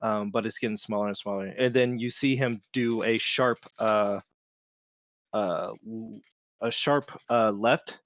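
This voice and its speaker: A man running a tabletop game as game master, narrating with many pauses and restarts. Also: fairly low pitch, fairly even intonation, fairly bright tone, no echo. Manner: halting, many fillers and restarts.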